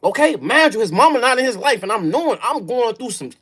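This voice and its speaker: A man in his thirties with a Chicago accent tells a personal story on a livestream, in emphatic, profane street talk that swings from low murmurs to loud bursts. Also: sing-song, fast talker, breathy edge. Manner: emphatic, profane street talk, peppers lines with "folk" and "bro". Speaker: livestream host. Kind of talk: casual storytelling to a live audience.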